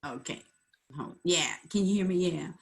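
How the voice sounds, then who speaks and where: A woman's voice: on the low side, moderate pace, creaky. Weary, earnest middle-aged woman. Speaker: call participant, artist. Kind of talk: candid group video call. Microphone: video call.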